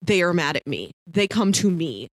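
A woman voicing a calm male hero who speaks in steady, empathetic declarations. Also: fairly low pitch, moderate pace, no echo.

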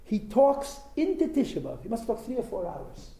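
A man's voice: very high-pitched, wildly swooping pitch, normal speed, mellow, slight background noise. A man telling a story in an informal religious talk, conversational and emphatic, with asides to his listeners. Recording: roomy echo with faint background.

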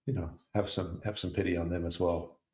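A man co-hosting a casual talk show, telling stories in a relaxed way with frequent chuckles. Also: low voice, brisk. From United States. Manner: relaxed storyteller, chuckles often. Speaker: co-host. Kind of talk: casual conversation. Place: Southeast Arizona. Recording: roomy echo.

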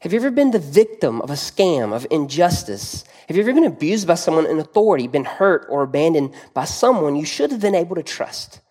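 A man's voice: on the high side, very animated, a little fast, hardly any pauses, a little mellow, slightly rough. A man preaching a sermon as pastor, explaining scripture verse by verse and retelling scenes vividly with rhetorical questions to the listeners.

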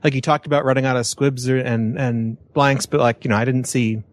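A man from the audience asking a question in a hesitant, halting way. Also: medium pitch, steady tone, no echo. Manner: hesitant, halting phrasing with fillers.

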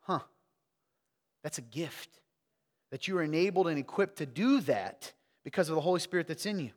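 A man from the South, preaching a sermon and quizzing his congregation, swinging between loud emphasis and hushed asides. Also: on the high side, normal speed, big-room sound. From American South. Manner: energetic, questioning the crowd, wide swings from loud to hushed. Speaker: pastor. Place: church sanctuary.

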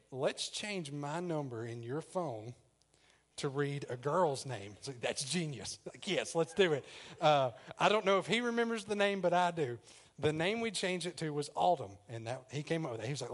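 Laughing preacher telling a story. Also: male voice, fairly high pitch. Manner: conversational storytelling, addresses congregation directly, laughs often. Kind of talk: sermon with personal story. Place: church sanctuary.

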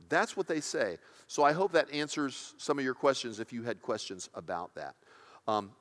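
A pastor giving a sermon in a conversational, emphatic way, often checking in with the congregation. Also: male voice, a little high, a bit bright, long reverb tail. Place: church sanctuary.

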